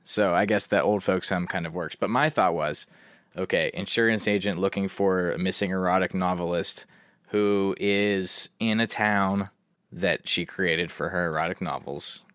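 A man's voice: deep voice, steady tone, normal speed, fairly bright tone, no room sound, clean studio sound. A man co-hosting a podcast, trading crude, wisecracking banter in casual chat. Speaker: podcast co-host.

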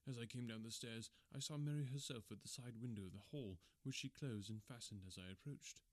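A man reading a classic detective story aloud in a measured, formal storytelling manner. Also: mid-range voice, dry recording. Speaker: audiobook narrator.

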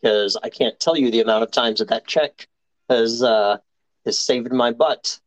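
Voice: medium pitch, measured pace, dry recording, rough recording. A podcast panelist chatting casually and tossing in joking asides.

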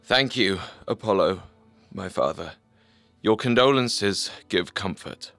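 An actor playing a grieving young mortal poet, earnest and despairing. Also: male voice, lowish voice, slow pace, a bit bright, no echo, faint music behind. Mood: grief-stricken. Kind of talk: storybook audio drama.

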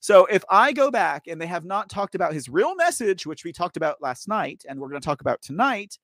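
Male political talk host, gravelly and fairly high, dry close sound; loose, uncensored asides. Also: sing-song, a little fast, fairly bright tone, no room sound. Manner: loose, uncensored, riffing asides with frequent okay and right. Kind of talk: opinionated political commentary, reading articles aloud.

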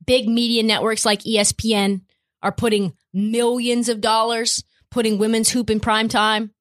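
A woman's voice: fairly high pitch, little pitch movement, normal speed. A woman hosting a sports podcast, giving opinionated commentary in an emphatic, swearing, ranting way.

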